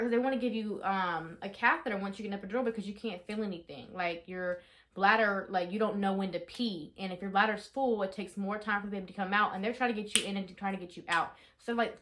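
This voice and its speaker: A young woman in her twenties, telling a story casually in a vlog, chatty and full of fillers, shouting out the dramatic parts. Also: mid-range voice, fast. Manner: chatty, animated, lots of fillers, rises to shouting in re-enactments. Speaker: vlogger.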